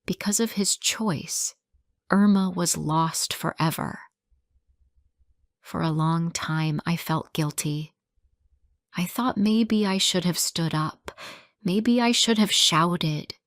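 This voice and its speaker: A woman narrating a sad story in a slow, clear, deliberate reading for English learners. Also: lowish voice, dry recording, clean studio sound.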